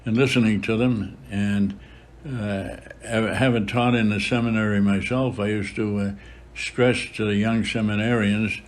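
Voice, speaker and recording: Very old priest, low voice. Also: male voice, steady tone, slight background noise. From Boston area, USA. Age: about 100. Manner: unhurried storytelling with frequent filler pauses. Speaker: priest, interview guest. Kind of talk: reminiscing in an interview.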